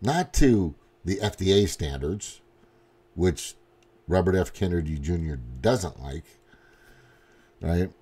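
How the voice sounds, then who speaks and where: A livestream host from Missouri in the US rants casually about politics, swearing often and rambling in disbelief. His low voice is mellow and husky, with lively intonation, a slow pace and frequent pauses.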